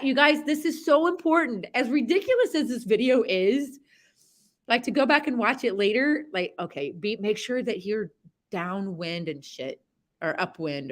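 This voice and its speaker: A woman coaching a rider live through a video call, her talk loose, chatty and rambling. She is candid and drops the odd mild curse, with her voice sitting at an everyday middle pitch. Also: lively intonation, measured pace, a bit bright. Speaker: horsemanship coach.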